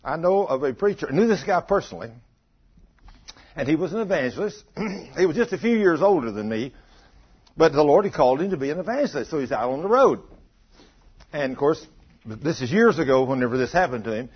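A man preaching a storytelling sermon to a congregation, moving from hushed asides to loud pleading quotes. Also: on the high side, big pitch swings, fairly quick, husky, lo-fi sound. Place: church before a congregation.

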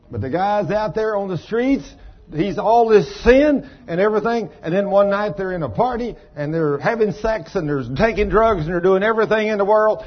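A man preaching a sermon, telling a testimony in a folksy, animated way and acting out voices. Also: sits high, normal speed, muffled recording. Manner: folksy, animated, acts out voices and shouts for emphasis.

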